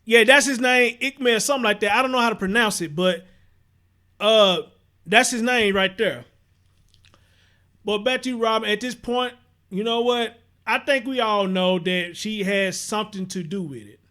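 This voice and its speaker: A man's voice: sits high, normal speed, bright, forceful tone. Blunt profane man streaming commentary. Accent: Southern US, Houston. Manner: blunt, profane, repeats himself, reads viewer comments aloud. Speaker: livestream host. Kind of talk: casual livestream commentary.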